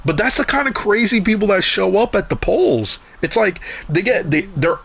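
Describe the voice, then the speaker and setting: A man's voice: sits high, lively intonation, moderate pace, vocal fry, fairly bright tone. A young man chatting casually while gaming, telling rambling, profane stories full of restarts and asides. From Canada. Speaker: gaming streamer.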